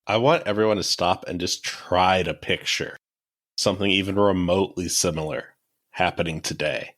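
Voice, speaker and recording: A man co-hosts a history podcast in easy, laid-back chat, reacting quickly to his partner. His voice sits very low in pitch. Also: fairly even intonation, a bit bright. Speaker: podcast co-host.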